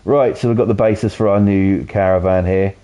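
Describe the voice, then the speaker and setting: A man's voice: fairly low pitch, steady tone, brisk, warm tone. Swearing, rambling British man on stream. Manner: rambling, heavy swearing, lots of "you know". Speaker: game streamer. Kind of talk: casual stream chat while playing. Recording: dull lo-fi audio.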